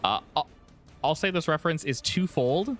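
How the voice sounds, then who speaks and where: A man running a tabletop game as game master, narrating in a relaxed way with frequent restarts. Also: fairly high pitch, moderate pace, soft background music.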